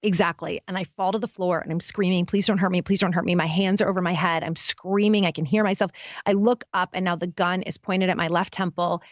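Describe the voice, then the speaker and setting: A woman's voice: on the low side, fairly even intonation, brisk, dry recording. Intense storytelling woman on a dull line. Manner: intense, dramatic storyteller who addresses listeners directly. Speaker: guest, happiness expert. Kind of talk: candid storytelling interview talk.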